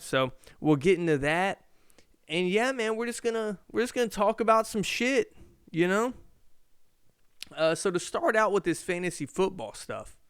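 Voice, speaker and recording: A man's voice: on the high side, fairly bright tone, clean tone, dry recording, studio quality. Rambling man with a slight lisp. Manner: rambling, asks himself questions, swears freely. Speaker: podcast host. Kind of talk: casual rambling monologue.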